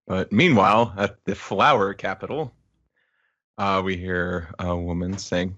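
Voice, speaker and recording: Brief: easygoing male podcast co-host, lowish voice, muffled lo-fi mic. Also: fairly even intonation, a little slow, fairly bright tone. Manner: easygoing, hesitant restarts, wry asides. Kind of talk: casual chat recapping a manga chapter.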